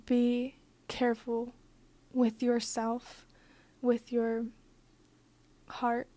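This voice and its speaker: A young woman with a fairly high but flat, monotone voice tells a personal story to camera. Her tone is mellow and the sound is dry and close. She talks bluntly, swears freely and peppers her speech with "like". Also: drawn-out words, no echo. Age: young adult. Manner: blunt, profane and emphatic, with many filler "like"s. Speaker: vlogger. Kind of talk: casual storytime monologue.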